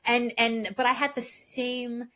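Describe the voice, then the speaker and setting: Animated woman in her fifties. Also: fairly high pitch, unhurried. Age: 50s. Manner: animated, laughing, many restarts. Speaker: podcast guest. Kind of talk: casual interview chat.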